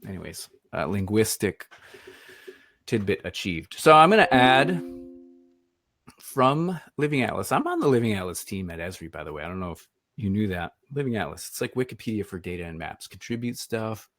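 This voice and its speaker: A man's voice: lowish voice, sing-song, moderate pace, fairly bright tone. A man from Michigan giving a casual online presentation, chatty and self-deprecating with rambling asides, over a computer microphone. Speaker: webinar presenter.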